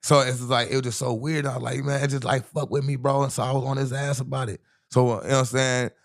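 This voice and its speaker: Gravelly-voiced man telling a street story. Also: mid-range voice, little pitch movement, quick pace. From US Midwest. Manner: profane, rambling, heavy street slang; keeps asking "you know what I'm saying". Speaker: interview guest, rapper. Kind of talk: casual storytelling interview.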